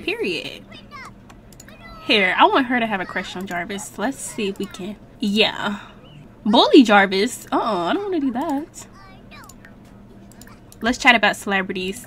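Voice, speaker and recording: A young woman chatting casually as she streams a life-sim game, talking to her viewers and the characters with slangy, animated exclamations. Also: mid-range voice, moderate pace, slight background noise. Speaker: gaming streamer. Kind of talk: casual let's-play commentary.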